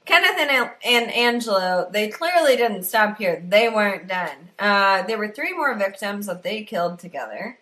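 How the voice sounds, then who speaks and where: Bright-voiced woman telling true crime casually. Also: mid-range voice, animated, moderate pace, few pauses. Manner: profane, laughs often, storytelling. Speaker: podcast co-host.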